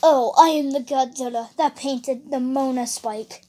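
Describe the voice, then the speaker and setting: A man's voice: extremely high pitch, fairly even intonation, measured pace, warm tone. A man voicing a pompous male French Godzilla painter in a put-on French accent, boastful and spitting with tuh sounds. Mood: haughty.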